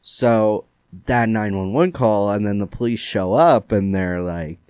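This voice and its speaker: A man's voice: lowish voice, unhurried, smooth, no echo, studio quality. A man hosting a casual true-crime podcast, retelling the case loosely with lots of "like" fillers. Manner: relaxed storyteller with many "like" fillers. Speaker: podcast host.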